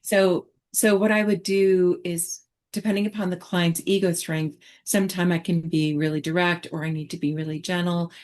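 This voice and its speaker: A woman therapist explaining her approach in a relaxed online teaching chat, talking reflectively with many fillers and restarts. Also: lowish voice, moderate pace, hardly any pauses. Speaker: therapist presenter.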